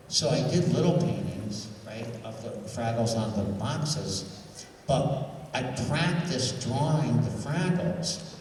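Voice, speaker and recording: A man's voice: mid-range voice, animated, slow, darkish tone, a little hiss or hum. A man, a cartoonist at a convention panel, telling rambling stories and acting out the dialogue, correcting himself as he goes. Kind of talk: anecdotal panel storytelling. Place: convention hall panel room. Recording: echoey hall, voice from far off.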